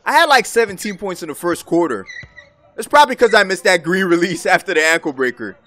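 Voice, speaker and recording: A young man giving excited, trash-talking commentary over his own basketball video game play. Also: high-pitched, fast. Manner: hyped, exclaiming, trash-talking. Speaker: gaming YouTuber. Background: background music.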